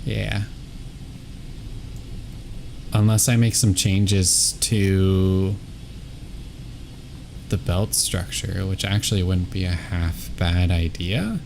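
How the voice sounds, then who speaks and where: Low-pitched, relaxed American man, hesitant gamer chatter, faint background hiss. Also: takes it slowly, creaky. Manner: laid-back, hesitant, lots of ums. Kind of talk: casual gaming chat.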